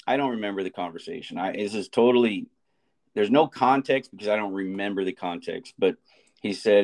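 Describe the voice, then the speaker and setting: A man in his forties, a teacher co-hosting a podcast, speaks a little fast in a low voice. In casual chat, he tells a rambling story full of restarts and frequent laughter.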